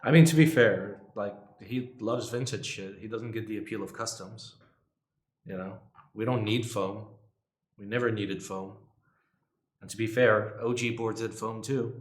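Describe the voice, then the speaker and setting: A man's voice: fairly low pitch, a little slow. A hungover man hosting a livestream, chatting loosely and swearing. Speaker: livestream host. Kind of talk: casual livestream chat. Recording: roomy echo.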